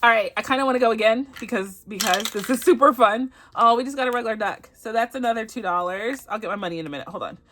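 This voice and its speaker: A woman's voice: on the high side, quick pace, few pauses, noisy background. Giggly Bajan woman hosting a vlog. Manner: giggly, animated, chatty. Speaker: budgeting channel host. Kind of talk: casual vlog, playing a savings game.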